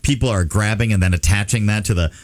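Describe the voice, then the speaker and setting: A man's voice: lowish voice, fast talker, dry recording, studio quality. A man co-hosting a morning radio show, telling stories in casual banter and laughing at his own points.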